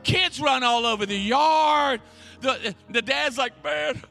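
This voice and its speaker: Fervent high-voiced male pastor preaching. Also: soft background music. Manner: fervent, shouting, repeats words in rapid bursts. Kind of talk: energetic preaching sermon. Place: church service.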